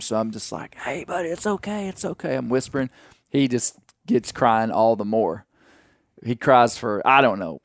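Ein Mann aus dem amerikanischen Süden moderiert einen Podcast und erzählt locker und weitschweifig, mit vielen Füllwörtern. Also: male voice, mid-range voice, no echo, studio quality. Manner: folksy, rambling with fillers and restarts. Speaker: podcast host. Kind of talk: casual storytelling chat.

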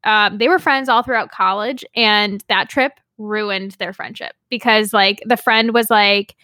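A woman's voice: mid-range voice, fairly even intonation, unhurried, pushed and bright, no room sound, clean studio sound. A young woman co-hosting a podcast, telling travel stories in a casual chat and laughing often. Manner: chatty storyteller, laughs often. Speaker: podcast co-host.

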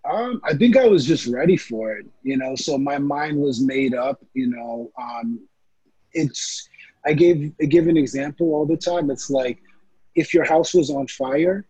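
A man's voice: fairly high pitch, lively intonation, measured pace, warm tone, breathy edge, dry recording, muffled recording. A man who works as a fitness trainer, answering interview questions in an earnest, casual way with lots of fillers. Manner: earnest, many fillers like um and you know.

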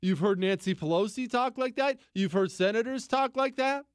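A man's voice: moderate pace, smooth, no echo, clean studio sound. A man hosting a political talk radio show, delivering a sarcastic monologue full of mocking repetition and incredulous outbursts. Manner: animated, swings into incredulous high outbursts.

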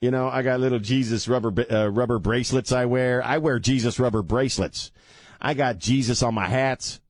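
A man's voice: medium pitch, steady tone, brisk, dry recording, studio quality. A man hosting a talk radio show, rambling casually and joking at his own expense, then turning earnest about faith. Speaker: radio host. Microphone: studio mic with headphones.

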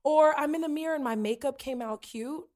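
A woman hosting a casual podcast chat, animated and laughing often, slipping into playful character voices. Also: sits high, a little fast. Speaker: podcast host.

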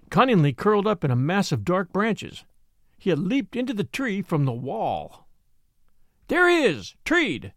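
A man narrating a written adventure story aloud in a brisk, expressive storytelling manner. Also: high-pitched, creaky, dry recording, clean studio sound. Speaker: audiobook narrator. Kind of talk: scripted narration.

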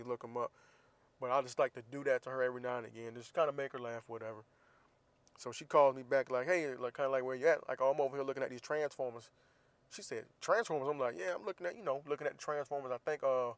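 A man in his thirties, casually telling a teasing story and giving blunt, profane advice in a relaxed monologue. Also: mid-range voice, no room sound. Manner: laid-back, teasing, profane. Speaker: vlogger.

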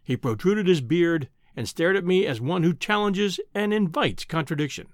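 Expressive male audiobook narrator. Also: sits high, moderate pace, few pauses, no echo, studio quality. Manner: expressive storytelling read.

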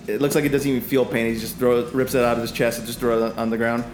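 A man running a tabletop game as game master, narrating combat in halting, filler-heavy descriptions. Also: mid-range voice, reverberant.

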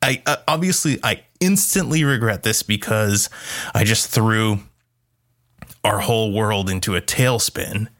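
A man's voice: on the low side, unhurried. A man in his thirties, a podcast co-host, telling a family story in casual chat and acting out quotes. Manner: animated, acts out quotes with a raised voice.

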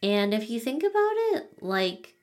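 A woman's voice: a little high, sing-song, unhurried. Chatty woman peppering talk with "like". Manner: chatty, leans on "like" as filler. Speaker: podcast co-host. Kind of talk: casual movie review chat.

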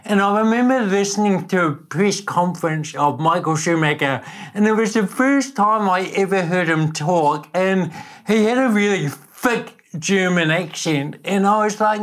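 A man's voice: high voice, a little slow, fairly bright tone. A man from New Zealand with a New Zealand accent and a slightly shaky voice, chatting upbeat as a podcast guest and laughing easily. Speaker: podcast guest, motivational speaker. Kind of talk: casual interview chat.

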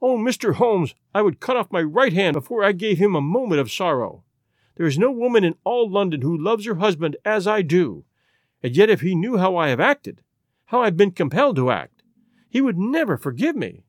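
A man's voice: sits high, big pitch swings, moderate pace, no room sound, studio quality. A man reading an audiobook, voicing a distraught, proud young aristocratic wife in an imploring, emotional way. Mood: pleading.

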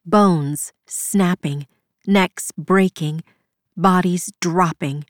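A woman reads fantasy fiction aloud in a slow, measured, somber voice. Her voice sits on the lower side, and the recording is dry and close with no room sound. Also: no room sound. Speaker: audiobook narrator. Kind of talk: scripted narration.

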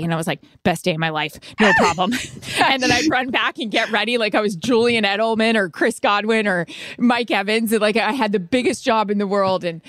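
With a mid-range voice, a thirtysomething female podcast co-host tells animated stories in a casual chat, performing the quotes she relays. The recording is clean studio audio without echo.

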